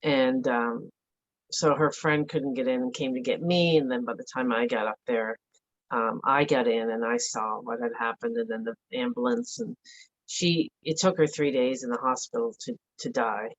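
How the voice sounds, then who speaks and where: A middle-aged woman giving a halting, emotional personal account as an interview guest, with many fillers and restarts. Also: very deep voice, lo-fi sound. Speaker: interview guest, bereaved mother.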